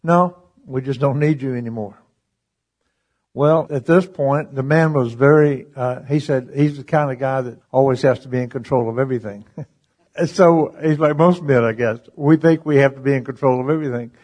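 A man preaching a sermon through a story, animated and chuckling between lines as he acts out the voices. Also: mid-range voice, brisk.

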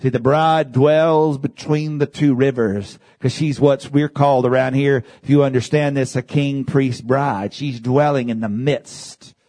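A man preaching a sermon in church, building from calm teaching to fervent shouted calls of amen and hallelujah. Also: medium pitch, unhurried, few pauses.

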